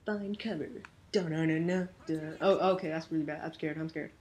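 A woman with a notably deep voice for her sex talks over live gameplay, jumpy and excitable. She fires off quick exclamations and swaps swearing for silly made-up oaths. A faint hiss sits under her voice. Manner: self-censoring, silly minced oaths. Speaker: gameplay commentator.

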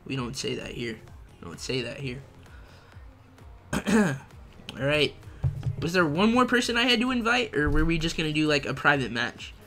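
A man's voice: fairly high pitch, big pitch swings, moderate pace, pauses often, sharp tone, faint music behind. A young man live-streaming a video game, chatting casually with viewers, reading their messages aloud, using slang and laughing often. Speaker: gaming livestreamer.

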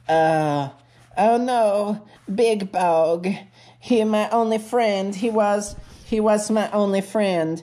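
Slow, deadpan woman rambling absurdly. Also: medium pitch. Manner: rambling, deadpan, crude, full of fillers. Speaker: creator of a parody video. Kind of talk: absurd comedic narration.

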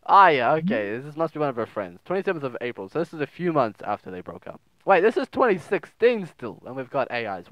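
A man's voice: a little high, big pitch swings, quick pace, hardly any pauses, fairly bright tone, dry recording, dull audio. Crude, joking young man playing a game. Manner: joking, crude, reads texts aloud in silly voices. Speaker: gaming video host. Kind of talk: casual let's play commentary.

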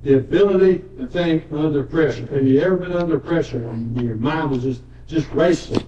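A man's voice: fairly high pitch, moderate pace, background noise. A man preaching a sermon as a pastor, telling stories in a folksy way, with joking asides and repeated words. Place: church sanctuary. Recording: dull echoey church recording from a distance.

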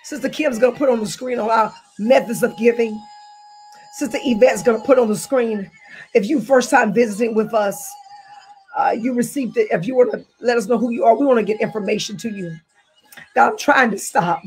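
A woman's voice: on the high side, fairly quick, darkish tone, soft background music. A woman pastor preaching a fervent online sermon full of repeated declarations, tearful and near crying at times. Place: online service, speaking to a screen.

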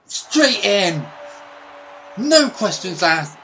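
A man giving casual, excitable, sweary commentary over his own football gameplay. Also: high voice, slow pace. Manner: excitable, sweary, mock-patriotic. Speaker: gaming YouTuber.

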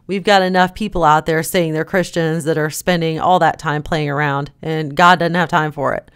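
A woman's voice: low-pitched, steady tone, moderate pace, clear, resonant tone. A woman hosting a Christian vlog, talking in a fervent, emphatic and scolding way. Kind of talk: preachy commentary vlog.

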